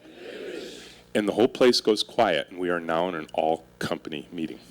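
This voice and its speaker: A man's voice: low-pitched, a little fast. A middle-aged man giving a humorous keynote speech on stage, telling stories with wry, self-mocking humor and drawing the audience in with questions. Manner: animated storytelling with audience interaction. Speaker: keynote speaker and company leader. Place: stage before a live audience.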